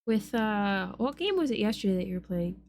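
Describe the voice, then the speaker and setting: A woman's voice: medium pitch, animated, a little fast, darkish tone, a little hiss or hum. A woman streamer chatting playfully with her viewers while she draws, swearing casually.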